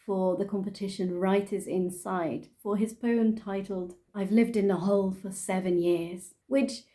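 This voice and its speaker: A woman's voice: medium pitch, fairly even intonation, measured pace, dark tone. A Dutch woman, speaking English, narrating a true crime case casually with sarcastic asides. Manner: chatty, sarcastic asides, frequent laughs.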